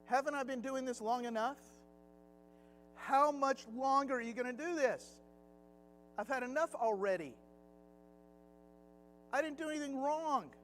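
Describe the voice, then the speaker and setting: A man's voice: very high voice, unhurried, long pauses, fairly bright tone, soft background music, voice pushed up. A man voicing a weary young man who is hiding in the wilderness and talking to himself, pleading with God. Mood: exasperated yelling.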